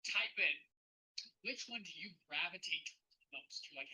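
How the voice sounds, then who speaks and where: Bright, husky man teaching a live class. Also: fairly high pitch, expressive, fairly quick, low-quality recording. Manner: casual, chatty, repeats words, addresses chat. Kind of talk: live-streamed webinar lesson.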